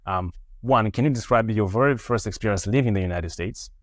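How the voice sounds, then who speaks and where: A man's voice: fairly low pitch, fairly quick, no echo, studio quality. A man hosting a podcast asks careful, thoughtful questions, often stopping and repeating words as he goes. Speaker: podcast host. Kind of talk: interview questions.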